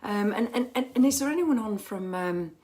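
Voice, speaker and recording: A woman's voice: mid-range voice, animated, normal speed, warm tone. A woman hosting a casual fan livestream from home on her phone camera, chatty and rambling with lots of ums and restarts.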